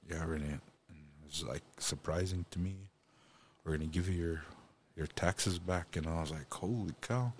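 Deep-voiced man telling a halting story. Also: a little hiss or hum. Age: adult parent. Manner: rambling, halting with restarts; speaks of God and blessing. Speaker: guest. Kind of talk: personal storytelling.

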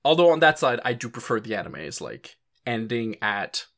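A man's voice: fairly low pitch, sing-song, moderate pace, fairly bright tone. A man in casual podcast chat, recapping an anime episode, laughing often and acting out the characters' quoted lines.

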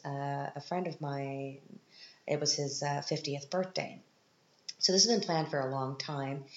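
A woman podcast host telling chatty stories from her week in a casual monologue, animated, with sudden high-pitched quoted reactions. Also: a little hiss or hum. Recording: roomy, muffled home recording.

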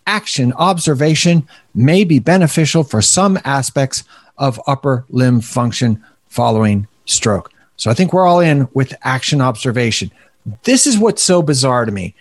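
A man's voice: medium pitch, no echo. A man co-hosting a podcast, talking casually and poking fun at himself. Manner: self-deprecating, animated, laughs at himself. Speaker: podcast co-host.

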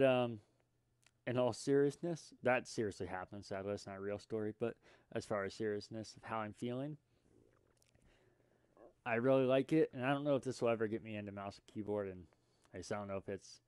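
A man's voice: on the low side, a little mellow, clean tone, no echo. A young man hosting a casual solo podcast, rambling and self-deprecating with lots of fillers and restarts. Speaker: podcast host.

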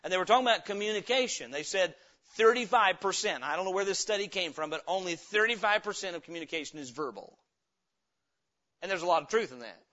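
High, bright-voiced folksy preacher man. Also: lively intonation, fast. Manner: folksy, conversational preaching with homespun stories. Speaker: pastor. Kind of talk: sermon. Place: church. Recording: dull lo-fi sermon recording.

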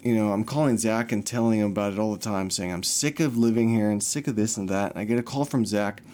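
A man's voice: on the low side, quick pace, a little mellow. Man ranting with heavy swearing. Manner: profane, heated, rambling. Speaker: storyteller. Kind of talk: casual storytime rant.

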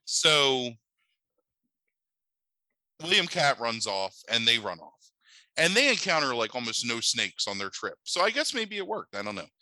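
A man tells the plot of a cheesy film in a rambling, profane, disbelieving way, full of filler "like"s. His voice is very bright and forceful. The sound is dry and close. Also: mid-range voice, very animated, measured pace, long pauses, dry recording, low-quality recording. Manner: rambling, profane and incredulous, heavy on "like". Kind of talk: casual movie recap.

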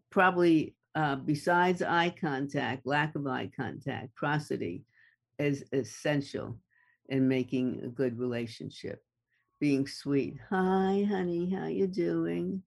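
A guest speaker in a conversation who talks at an unhurried, drawn-out pace. The delivery is measured and deliberate. Key words are repeated for emphasis. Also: medium pitch, creaky. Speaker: guest expert on attachment. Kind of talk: slow, deliberate explaining in conversation.

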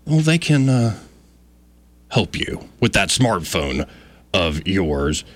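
A man's voice: low-pitched, big pitch swings, slow pace, dry recording. A man hosting a radio talk show, chatting casually and reading a sponsor ad in a folksy, loose way.

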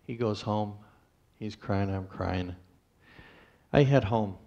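A man telling his personal testimony to a church congregation, in a plainspoken storytelling way with pauses and restarts. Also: lowish voice, creaky, mellow, lo-fi sound.

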